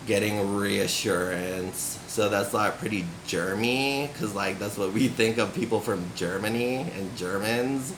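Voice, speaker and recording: A man's voice: on the low side, unhurried, hardly any pauses. A man from the United States vlogging to camera in a casual, rambling way, with many "like"s and restarts. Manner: loose, filler-heavy talk with many "like"s and restarts. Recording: roomy echo with faint background noise.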